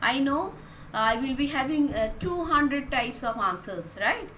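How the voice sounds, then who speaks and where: A woman, teaching a class and explaining words slowly, one at a time. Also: high-pitched, lively intonation, a bit bright, roomy sound, slight background noise. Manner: slow, explaining word by word. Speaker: English teacher. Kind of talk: recorded online class lesson.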